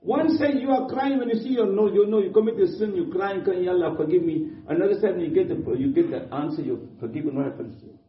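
A man's voice: high voice, quick pace, hardly any pauses. A man preaching a sermon earnestly, repeating points in simple, non-native English phrasing. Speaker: Islamic preacher. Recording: distant, dull, echoey room.

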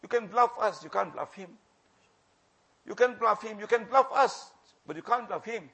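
Husky, impassioned male preacher. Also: sits high, expressive, moderate pace. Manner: impassioned, repeats phrases for emphasis, swings from loud to hushed. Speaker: religious preacher. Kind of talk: sermon.

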